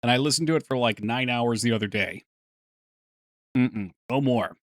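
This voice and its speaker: A man's voice: medium pitch, moderate pace, no echo, studio quality. A man chatting casually on a live stream while working on his game, thinking aloud and answering chat. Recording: faint music behind voice.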